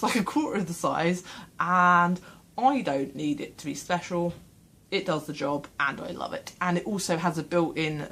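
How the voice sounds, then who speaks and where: Husky, low-voiced woman chatting. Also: fairly bright tone. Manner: chatty, rambling, self-deprecating with laughs. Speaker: vlogger. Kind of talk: casual vlog chat. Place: small room at home, door shut.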